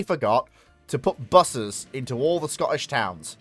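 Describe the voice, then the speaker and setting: A mid-pitched man talking his way through a strategy game on a live stream. He rambles, mutters to himself and chats to the on-screen vehicles in a self-mocking way. Faint music plays underneath. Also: lively intonation, a little slow, slightly rough. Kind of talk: casual live-stream commentary.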